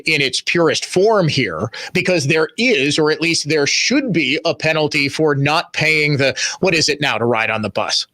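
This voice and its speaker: A man's voice: on the high side, fairly bright tone, no room sound. A man hosting a radio talk show, delivering an opinionated monologue, emphatic and repeating phrases for stress.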